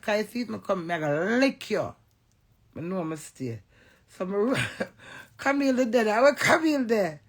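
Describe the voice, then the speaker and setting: Jamaican man with a high, gravelly voice. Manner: animated, swears freely, storytelling. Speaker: live stream host. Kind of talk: casual live-stream chat.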